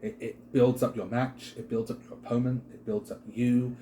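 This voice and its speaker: A man's voice: mid-range voice, normal speed, a little hiss or hum. A British man co-hosting a wrestling chat show, talking casually and rambling with lots of fillers. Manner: rambling, filler-heavy, animated.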